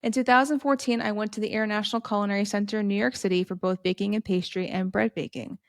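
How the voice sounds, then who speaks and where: A woman in her thirties talks earnestly and from the heart in a personal podcast monologue, breaking into playful asides. Her voice sits at a middle pitch. The recording is close and dry, with no room sound. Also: steady tone, quick pace, no echo. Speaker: podcast host.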